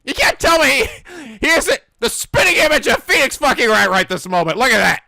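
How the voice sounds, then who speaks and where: A man hosting a casual anime reaction, animated, laughing and swearing often. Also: extremely high pitch, fairly quick, gravelly, soft background music.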